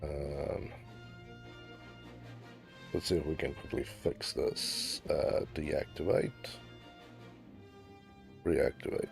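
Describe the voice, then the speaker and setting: A man's voice: a bass voice, little pitch movement, very slow, vocal fry, long pauses, faint music behind. A man hosting a casual gaming livestream, chatting easily with his viewers and laughing often. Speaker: livestream host.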